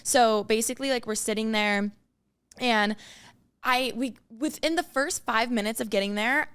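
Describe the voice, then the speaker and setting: Animated young woman telling a story. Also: on the high side, moderate pace, clear, resonant tone. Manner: animated, filler-heavy storytelling with acted-out quotes. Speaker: podcast co-host. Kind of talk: casual storytelling chat.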